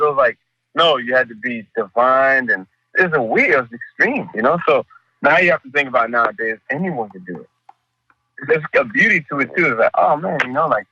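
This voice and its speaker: A man's voice: medium pitch, fairly quick, no room sound, muffled recording. A man who is a painter, talking casually and animatedly in an interview, swearing freely and acting out what other people say. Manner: animated, profane, acts out quoted voices. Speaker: artist guest.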